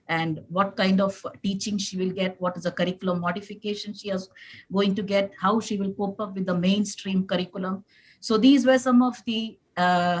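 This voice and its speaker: A woman in her forties, a parent on a conference panel, talking in an earnest, halting way with some emotion. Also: medium pitch, low-quality recording. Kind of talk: panel discussion sharing.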